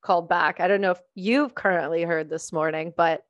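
A woman's voice: lowish voice, steady tone, fairly quick, no room sound, dull audio. A woman hosting a podcast, interviewing a guest in an enthusiastic, conversational way. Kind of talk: casual interview.

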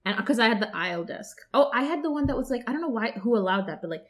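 A woman's voice: fairly high pitch, fast talker. Chatty young woman hosting a podcast. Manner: chatty, animated, lots of fillers. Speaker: podcast host. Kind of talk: casual chat among friends.

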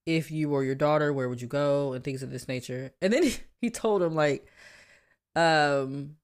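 A woman's voice: low-pitched, normal speed. A woman co-hosting a casual podcast, animatedly retelling film scenes and laughing often. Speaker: podcast co-host. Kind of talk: casual film-discussion chat.

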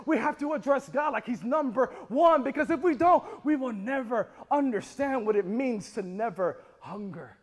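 A man preaching a sermon as pastor, impassioned, with rising shouts and call-and-response to the congregation. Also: very high voice, animated, moderate pace, hardly any pauses, in a large hall.

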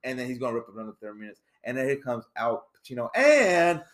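A man's voice: mid-range voice, very animated, quick pace. A man in his forties hosting a podcast, chatting casually in a jokey, rambling way. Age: 40s. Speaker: podcast host. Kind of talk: casual chat.

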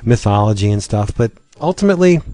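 A man co-hosting a podcast, talking through comic reviews in a measured, thoughtful way with some hesitant fillers. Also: on the low side, animated, warm tone, no room sound. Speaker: podcast co-host. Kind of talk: casual comics review chat.

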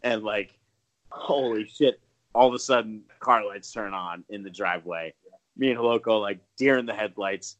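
A man in his thirties, a podcast co-host telling a story casually, swearing freely and jumping up in pitch when acting out quotes. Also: normal speed, a bit bright, muffled recording. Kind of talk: casual storytelling among friends.

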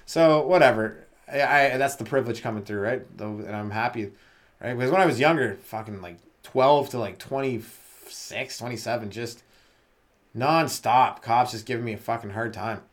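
At normal speed and medium pitch, a sleep-deprived Canadian host rambles loosely through his solo comedy podcast. He swears a lot and laughs at his own jokes.

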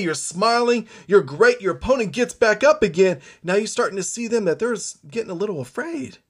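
A man giving a motivational speech, telling a story in the second person with dramatic repetition. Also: sits high. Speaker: motivational speaker.

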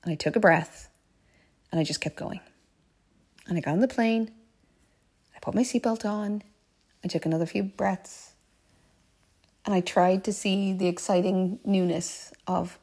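A woman's voice: medium pitch, steady tone, normal speed, long pauses, a little mellow. A woman hosting a life coaching podcast, telling a personal story in an earnest, heartfelt way and repeating phrases for emphasis.

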